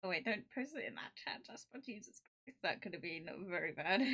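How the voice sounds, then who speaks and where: A woman streamer chatting casually to her viewers, excitable and giggly, rambling with lots of fillers. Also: medium pitch, brisk, slightly rough, dull audio. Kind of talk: casual live-stream chat.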